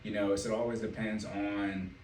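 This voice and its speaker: A man hosting a casual podcast and working as a financial coach, telling animated stories and laughing often. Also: on the low side, moderate pace. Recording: echoey room, mic at a distance, faint noise.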